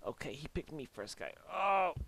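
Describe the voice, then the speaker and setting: A young Australian man records goofy game commentary at a desk mic, playing with silly voices. His voice is bright and swoops all over the place, a little high for a man. A faint hiss sits under the recording. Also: sing-song, normal speed, gravelly. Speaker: gaming YouTuber.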